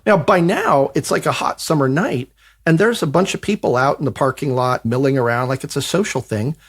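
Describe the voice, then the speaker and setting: A man on a podcast telling a personal anecdote, animated and self-mocking. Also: mid-range voice, a little fast, breathy edge. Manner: animated, self-mocking retelling that acts out quoted dialogue. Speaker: podcast co-host. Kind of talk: storytelling anecdote.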